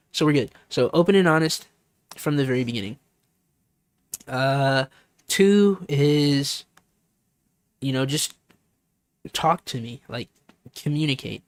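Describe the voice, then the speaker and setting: A man with a mid-range voice, recorded with no echo, talks on a stream in a casual, heartfelt way. He's sincere and open, rambling with lots of "like" and "you know" and repeating phrases.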